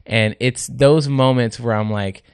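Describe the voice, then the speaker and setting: A man on a studio microphone telling a casual story, animated and quick to laugh as he acts out the people he quotes. The room sound is dry and close. His pitch sits in an ordinary middle range. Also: smooth, no room sound. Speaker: radio host and race organizer. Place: indoor podcast studio.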